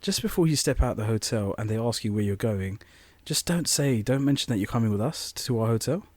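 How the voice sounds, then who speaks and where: A man's voice: mid-range voice, animated, fairly quick, darkish tone, no room sound. A young man co-hosting a podcast, rambling through an anecdote and acting out quoted voices. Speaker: podcast co-host. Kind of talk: casual storytelling chat.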